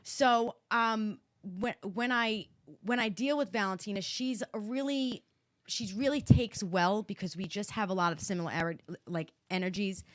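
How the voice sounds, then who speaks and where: A mother co-hosting a podcast in casual chat, telling stories with animation, acting out what she said loudly and swearing freely. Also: mid-range voice, a little slow, no room sound. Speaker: podcast co-host. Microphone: podcast mic.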